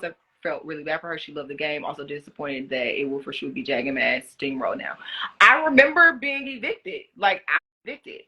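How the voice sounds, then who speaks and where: A young woman in casual live-stream chat, answering fan questions about being a reality show contestant, talking in an animated way with many fillers. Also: sits low. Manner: chatty, animated, lots of "like" fillers. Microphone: phone.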